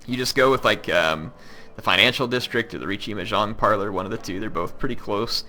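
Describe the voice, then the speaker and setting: A man's voice: on the low side, fairly quick, pushed and bright. A man from Kentucky with a Southern US accent, rambling through casual let's-play commentary with plenty of ums and likes. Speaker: gaming YouTuber.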